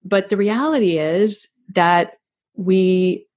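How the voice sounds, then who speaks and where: A woman hosting a podcast, speaking in a thoughtful, affirming and measured way. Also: mid-range voice, darkish tone. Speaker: podcast host. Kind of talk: reflective interview chat.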